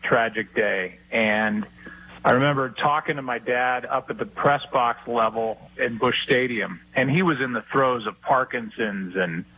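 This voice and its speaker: A middle-aged man, a sports broadcaster, telling stories and giving his view in a relaxed talk-show interview. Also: mid-range voice, measured pace, poor audio.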